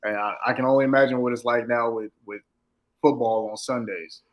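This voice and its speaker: Easygoing male coach in his 30s, relaxed guest on a podcast. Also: mid-range voice, fairly quick, low-quality recording. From Los Angeles. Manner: laid-back, easygoing, some stammering restarts. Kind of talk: casual interview chat.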